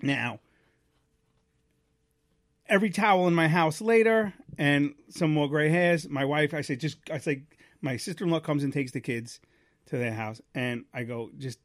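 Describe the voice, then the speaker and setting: Animated storytelling man, dry close sound. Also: fairly high pitch, moderate pace, long pauses, no echo. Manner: animated, acts out quoted voices loudly. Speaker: podcast co-host. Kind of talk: casual storytelling chat.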